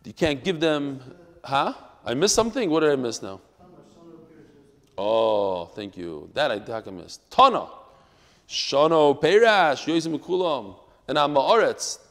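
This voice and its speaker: Guy teaching talmud class, kinda high voice, gets loud and fired up, lots of hebrew words thrown in. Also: a little slow, long reverb tail. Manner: animated and emphatic, mixes Hebrew and Yiddish terms into English, tells stories. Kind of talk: daily Talmud lecture to a live class.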